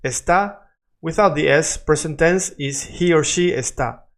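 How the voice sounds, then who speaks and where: A man leads a lesson in a fairly high voice. He explains in English, then drills the examples by repeating them again and again. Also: measured pace. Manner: switches between English explanation and Spanish examples. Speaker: Spanish teacher. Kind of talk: online language lesson.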